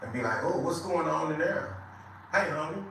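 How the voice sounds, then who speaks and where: A man on a livestream, loudly and mockingly ranting. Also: on the high side, normal speed, gravelly, a little hiss or hum. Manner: loud, animated, mocking. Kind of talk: casual livestream banter. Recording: very echoey, far from the mic.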